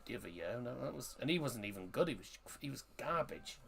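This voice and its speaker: A man's voice: mid-range voice, expressive, a little fast, vocal fry, a crowd in the background. A man from Britain hosting a live football watchalong, chatty and blunt, swearing casually. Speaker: watchalong host. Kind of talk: casual live match commentary.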